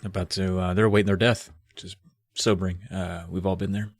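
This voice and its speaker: A man's voice: low voice, fairly quick, gravelly, dry recording. A man co-hosting a casual, jokey book-club podcast, retelling and reading a story aloud. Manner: animated, jokey, swears casually. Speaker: podcast co-host.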